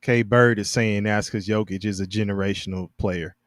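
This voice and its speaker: A man co-hosting a casual sports podcast, talking in halting bursts with many restarts and frequent laughter. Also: on the low side, fairly even intonation, no echo. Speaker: podcast co-host.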